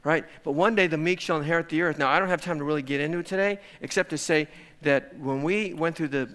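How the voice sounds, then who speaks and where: A middle-aged man preaching with a high, bright voice. He is animated, dropping into quiet, earnest stretches and then climbing into loud exclamations. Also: fast talker. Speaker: pastor. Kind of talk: sermon.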